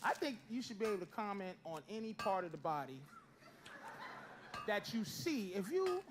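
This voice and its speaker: Loud teasing stand-up comic, noisy club. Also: male voice, high voice, big pitch swings, moderate pace. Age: middle-aged. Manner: loud, teasing, swings from shouts to mutters. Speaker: stand-up comedian. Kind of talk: stand-up crowd work.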